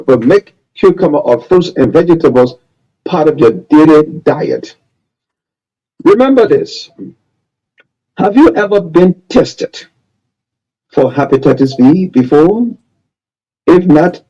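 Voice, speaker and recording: A man's voice: on the high side, warm tone, highs cut off. A man presenting a health tip segment, repeating and stressing his key points. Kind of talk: radio health advice segment.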